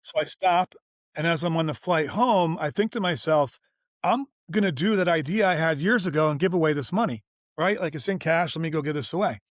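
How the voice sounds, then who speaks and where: An interview-show guest who owns a business relates a story in a lively, slangy, informal way, impersonating each person he quotes. He speaks fairly quickly, his voice somewhat higher than most men's, in a close, dry recording without echo or room sound.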